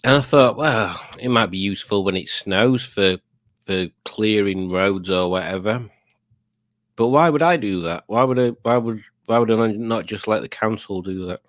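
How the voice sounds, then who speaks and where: A lowish-voiced middle-aged man talks at normal speed during a relaxed home live stream. He wanders from topic to topic, chatty and quick to laugh at his own expense.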